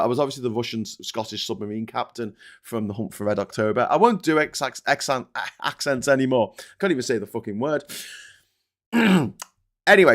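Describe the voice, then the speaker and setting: This British host of a live commentary show on politics speaks in a mid-range voice, casual and lively, rambling along with lots of swearing and plenty of false starts.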